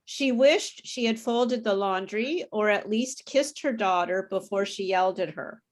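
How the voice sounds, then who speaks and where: A woman teaching an English pronunciation class, modelling words slowly and patiently for students to repeat. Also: mid-range voice. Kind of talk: online group pronunciation class.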